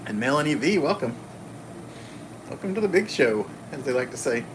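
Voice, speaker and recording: A man hosting a casual live stream from his home kitchen, greeting viewers by name and talking fast. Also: medium pitch, big pitch swings, noisy background. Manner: talks fast. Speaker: livestream host.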